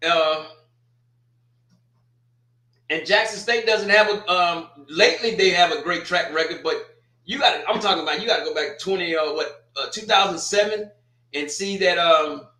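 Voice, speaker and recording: A man's voice: sits high, moderate pace, sharp tone, echoey room. A man hosting a casual sports talk stream, teasing and trash-talking a team and repeating his points. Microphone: streaming setup.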